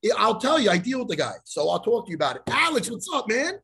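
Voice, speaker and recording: Gravelly, raspy male podcast host. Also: sits high, fast. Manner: profane, animated storyteller who acts out quotes. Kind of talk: casual storytelling chat.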